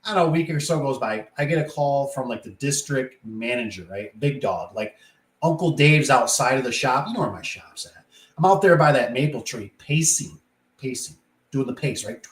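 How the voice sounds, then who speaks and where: A man's voice: mid-range voice, moderate pace. A man who installs garage doors, telling work stories in a casual, rambling way and acting out the voices in them. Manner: rambling, animated, acts out quoted voices. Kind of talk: casual storytelling monologue. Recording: echoey room.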